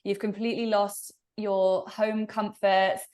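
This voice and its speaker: A young woman with an English accent, a podcast guest telling animated stories in a casual interview and laughing often. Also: medium pitch, unhurried. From England.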